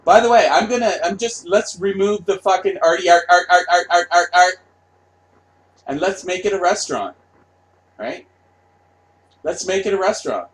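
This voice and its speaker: A man's voice: sits high, moderate pace, pauses often. Brief: a man ranting on camera, sarcastic and crude, repeating words over and over. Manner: profane, repetitive, sarcastic. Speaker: vlogger. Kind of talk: casual rant.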